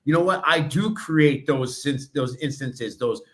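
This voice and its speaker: A man co-hosting a podcast, telling stories with high energy and acting out what other people said. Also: unhurried, fairly bright tone. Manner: high-energy storytelling, acts out others' lines. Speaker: podcast co-host. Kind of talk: casual podcast chat.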